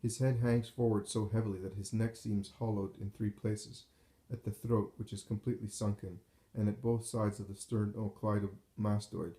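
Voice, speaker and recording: A man reading a devotional text aloud in a slow, solemn, measured way, recorded in a roomy space with echo. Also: fairly low pitch, little pitch movement, warm tone. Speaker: narrator.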